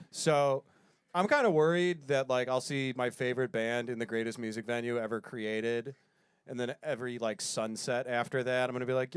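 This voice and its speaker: A man's voice: mid-range voice, brisk, clear, resonant tone. A man emceeing a comedy show, chatting to the crowd and hyping up the next act. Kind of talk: introducing comedians on stage.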